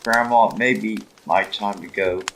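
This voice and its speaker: A man reading the lines of a frightened young woman resigned to dying, in a soft, earnest way. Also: on the low side, moderate pace, slight background noise.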